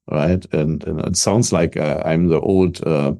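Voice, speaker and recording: German-accented man, deep and mellow. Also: a little slow, creaky. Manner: energetic, self-assured, repeats words when starting. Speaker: guest, business coach. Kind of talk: casual interview talk.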